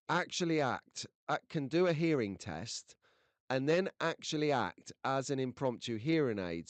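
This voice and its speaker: A man's mid-range voice, clear and resonant, carries his casual livestream as he reads comments and jokes around with many fillers. There's no echo, and he's close to a desk microphone.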